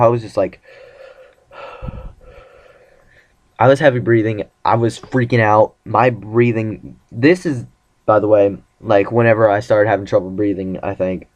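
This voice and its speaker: A teenage boy vlogging casually about his relationship, rambling and acting out the lines of the conversations he retells. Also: fairly low pitch. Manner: rambling, acts out quoted dialogue. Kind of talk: casual personal vlog.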